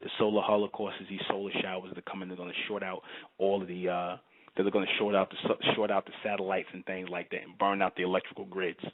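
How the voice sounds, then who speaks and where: A fervent man talks in a low voice, emphatic and repetitive. He keeps asking if you understand. The sound is thin and tinny, like a phone line. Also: flat delivery, fast. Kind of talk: fervent monologue to camera.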